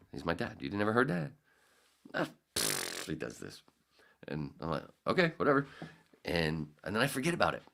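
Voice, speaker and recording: A middle-aged man with a deep, gravelly voice tells a rambling story on his podcast. His pitch swings widely as he acts out the people he quotes. He laughs often and keeps the whole thing loose and casual. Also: a bit bright. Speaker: podcast host.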